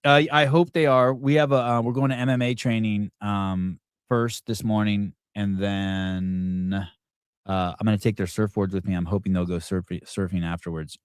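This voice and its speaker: A middle-aged man hosts a casual morning talk show, chatting with callers in a rambling way, often restarting sentences and shouting out quoted yells. His voice is lowish, steady and smooth at a normal speed, recorded cleanly in a studio with no echo.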